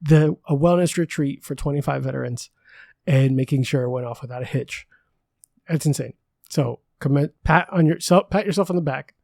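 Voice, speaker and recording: An upbeat podcast host, a man with a slightly higher voice, encouraging his guest. The sound is close and dry. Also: moderate pace, creaky, a little mellow, no echo. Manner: upbeat, encouraging, laughs often. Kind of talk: casual podcast interview.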